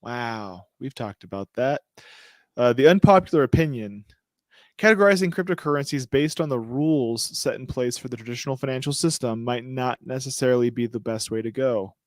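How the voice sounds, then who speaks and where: A man of average pitch reads headlines aloud on a casual podcast, breaking off to joke and throw in slang. He trips over words and laughs it off. The sound is dry and close, with no room echo. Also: fairly quick. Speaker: podcast co-host. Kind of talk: casual chat reading news aloud.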